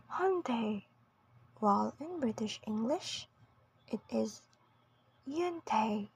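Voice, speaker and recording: A woman giving a scripted pronunciation lesson, speaking slowly and carefully, often half-whispered. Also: on the high side, vocal fry, a little mellow, slight background noise. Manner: slow, careful enunciation with long pauses. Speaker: pronunciation teacher.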